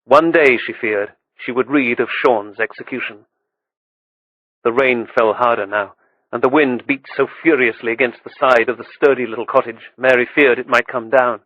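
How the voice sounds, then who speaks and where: A man reading an audiobook with steady, measured storytelling. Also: mid-range voice, no echo, highs cut off. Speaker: audiobook narrator. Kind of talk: scripted audiobook narration.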